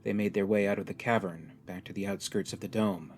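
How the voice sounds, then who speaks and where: A man narrating a comic-book story in a measured, even way. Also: low-pitched, soft background music.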